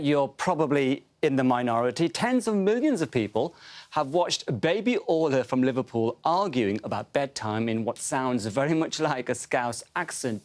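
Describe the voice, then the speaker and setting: A man anchoring a regional evening news programme from a studio, polished and lightly amused. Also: mid-range voice. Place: television studio.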